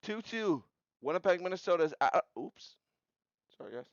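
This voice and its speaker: Giving play-by-play recap commentary on simulated hockey playoffs, a young video game simulation commentator rattles off scores in short bursts. His fairly high, smooth voice is expressive at normal speed and surges at big goals, recorded close and dry, a bit dull and lo-fi, without room sound.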